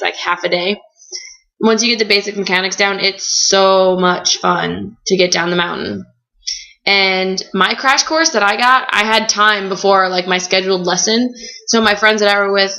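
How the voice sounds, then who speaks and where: Young woman vlogger, chatty storyteller, bright tone, dull lo-fi recording. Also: mid-range voice. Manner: chatty, animated storytelling with frequent "like". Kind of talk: casual chat.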